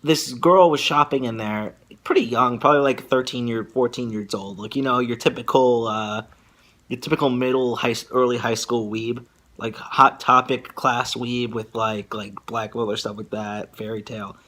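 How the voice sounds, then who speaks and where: A young man telling a casual vlog story, rambling and filler-heavy, with animated asides. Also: medium pitch, moderate pace. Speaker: vlogger.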